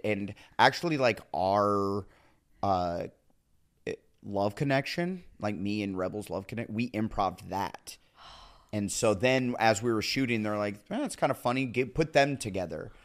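A man's voice: fairly low pitch, unhurried. A man from Nebraska, a podcast guest telling comic stories in casual chat, acting out the people he quotes. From Nebraska, USA. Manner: animated storyteller, acts out quotes.

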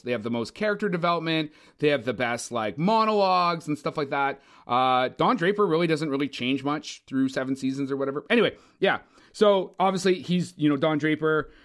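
A man co-hosting a casual movie podcast, talking in an animated, opinionated way with frequent swearing. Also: a little high. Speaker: podcast co-host. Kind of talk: casual movie review chat.

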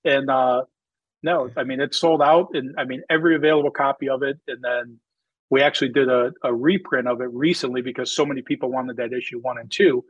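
A man's voice: mid-range voice, fairly quick, breathy edge, no echo, lo-fi sound. A man, a drag racer who started a magazine, telling his story in a rambling, casual interview chat full of fillers. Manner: rambling, filler-heavy, animated when quoting himself.

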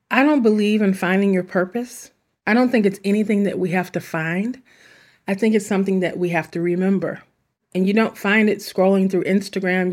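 A woman's voice: medium pitch, darkish tone. A woman hosting a self-help podcast, speaking in an earnest, chatty way with asides. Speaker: podcast host. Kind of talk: reflective self-help talk.

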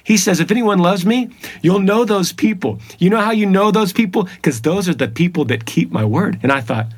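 A man tells his story earnestly, leaning hard on repeated words. His voice sits a bit high for a man and has a husky edge. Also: animated, fairly quick, hardly any pauses. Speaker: podcast guest. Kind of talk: personal testimony in conversation.

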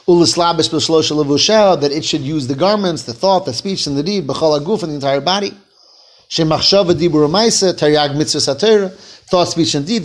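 A man leading a text-study class, reading Hebrew phrases aloud, translating them and asking his students questions. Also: a little high. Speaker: Torah teacher.

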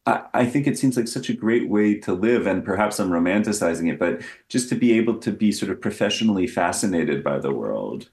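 A man's voice: fairly low pitch, expressive, a little fast, gravelly, few pauses, a little mellow, roomy sound. A man talking as a guest in a casual interview, rambling and self-deprecating, with many restarts. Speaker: guest actor.

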